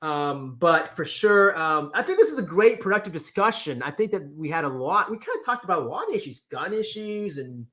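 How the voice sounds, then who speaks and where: A man hosting a casual livestream, reading chat comments with lively exclamations and repeated words. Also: a little high, fairly quick, few pauses. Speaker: livestream host.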